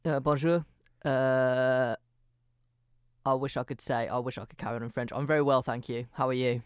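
A man with a Brummie accent co-hosting a casual podcast, self-deprecating and halting with restarts. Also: medium pitch, level tone, clean tone, no room sound, clean studio sound. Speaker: podcast co-host.

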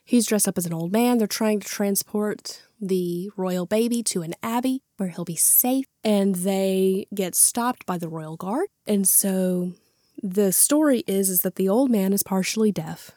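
Warm-voiced chatty woman podcast host. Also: mid-range voice, unhurried, dry recording, studio quality. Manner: chatty and animated, retells scenes with quoted lines. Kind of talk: casual movie review chat.

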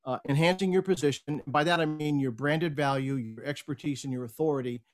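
Animated middle-aged man telling a story. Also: fairly high pitch, a little fast. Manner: animated storyteller, acts out quoted lines. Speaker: podcast guest, speaker and coach. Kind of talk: casual interview storytelling.

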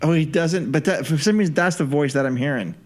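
A man's voice: fairly high pitch, fast talker. A man co-hosting a podcast, chatting casually during a guessing game and thinking aloud with lots of fillers. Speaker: podcast co-host.

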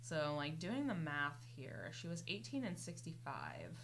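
Against a noisy background, a young female podcast host talks at a measured pace, her low voice swinging hugely in pitch. She chats casually about a person's biography, rambling and filling her speech with "um" and "like."

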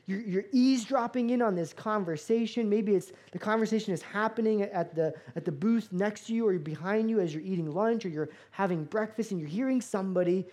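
A man preaching a sermon as a pastor, animated, acting out dialogue with playful asides. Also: high-pitched, brisk, hardly any pauses.

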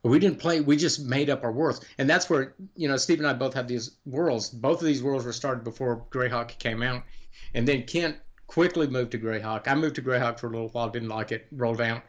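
A man's voice: medium pitch, a little fast, highs cut off. Chuckling, rambling middle-aged man. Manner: rambling, chuckling storyteller who restarts sentences. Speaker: guest game designer. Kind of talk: casual podcast conversation.

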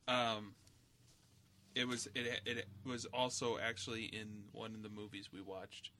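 Male co-host, low-pitched, very bright timbre, relaxed hesitant delivery. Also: takes it slowly, pauses often, slight background noise. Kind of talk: casual movie review chat.

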